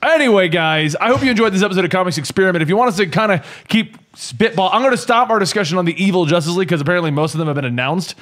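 A man's voice: sits high, rapid-fire, few pauses, fairly bright tone. A man hosting a casual comics podcast, laughing often and rattling through the outro. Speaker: podcast host. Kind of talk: casual chat.

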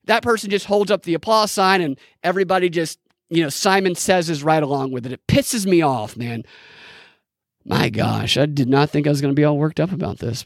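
A man's voice: on the high side, dry recording, studio quality. A man hosting a solo commentary podcast, ranting in an indignant, mocking way. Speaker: podcast host.

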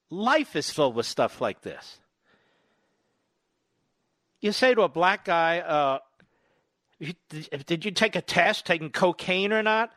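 Combative talk radio guy, high bright voice, firing off sarcastic questions, dry studio sound. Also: no room sound. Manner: combative, sarcastic, rapid-fire rhetorical questions. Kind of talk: political talk radio monologue.

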